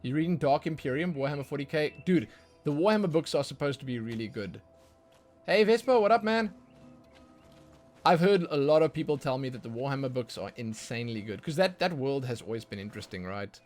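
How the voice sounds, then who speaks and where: A man streaming a game and chatting casually with his viewers, his talk rambling and full of stumbles and repeated words. He lurches into sudden excited bursts, while faint music plays underneath. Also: medium pitch, fast talker. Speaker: livestreaming gamer. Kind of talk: casual livestream chat.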